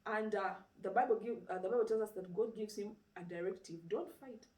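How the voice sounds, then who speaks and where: A woman's voice: medium pitch, a little fast. Woman, casual sermon, storytelling, rhetorical questions, echoey room, distant mic. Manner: lively retelling with rhetorical questions and frequent "you know". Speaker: preacher. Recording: roomy sound, speaker away from mic.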